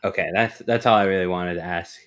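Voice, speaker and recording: A man in a community voice chat asking the host a question in halting, hesitant phrases. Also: deep voice, fairly even intonation. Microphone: online voice chat mic.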